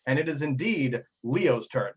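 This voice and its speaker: A man running a tabletop game as game master, excitable and laughing as he narrates. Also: mid-range voice, unhurried, noisy background. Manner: excitable, laughing, full of fillers. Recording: dull lo-fi audio.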